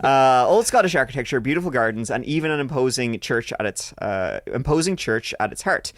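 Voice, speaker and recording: This podcast host speaks briskly in a medium pitch with lively intonation. Between passages of the listener stories he reads out, he drops crude jokes in easygoing banter, and the studio-quality audio has no echo.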